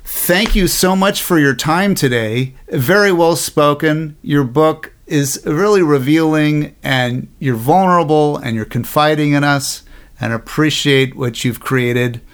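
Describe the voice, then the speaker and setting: Slow, earnest male interview host. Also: fairly high pitch, smooth. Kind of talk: warm closing remarks to a guest.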